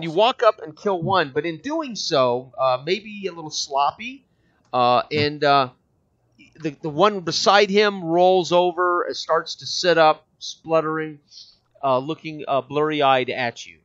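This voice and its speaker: A man's voice: a little high, expressive, unhurried, fairly bright tone. A man narrating as game master of a tabletop role-playing game, loose and full of filler words. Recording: muffled lo-fi audio.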